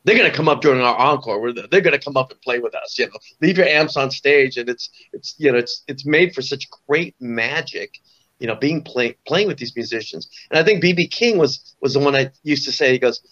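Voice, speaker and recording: A man's voice: mid-range voice, lively intonation, fairly quick, fairly bright tone, highs cut off. A man in his sixties from Southern California, a guest musician telling stories in a rambling way, full of "you know" and restarts. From Orange County, California. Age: 60s. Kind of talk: casual storytelling interview.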